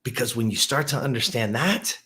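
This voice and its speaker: A little fast in his delivery, the middle-aged gym owner and host narrates a motivational story to the camera, rising excitedly and dropping low as he reflects.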